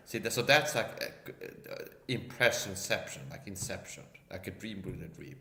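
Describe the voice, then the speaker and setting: A man with a lowish, forceful, bright voice rants casually as a livestream guest. He keeps tagging his lines with "okay?" and "see?". A roomy echo surrounds his voice. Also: lively intonation, normal speed, few pauses. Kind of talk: casual rant.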